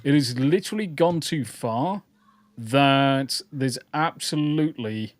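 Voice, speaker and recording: A man's voice: mid-range voice, slow, no room sound. Sweary man ranting casually. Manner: blunt, sweary, rambling with restarts. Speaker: podcast co-host. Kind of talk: casual live-stream chat.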